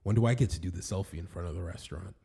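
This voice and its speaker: Male solo podcaster with a slightly low, mellow voice; loose, rambling, self-amused delivery. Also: rapid-fire, breathy edge. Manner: rambling, chatty, laughs at himself. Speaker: podcast host and animation studio owner. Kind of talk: casual solo podcast monologue.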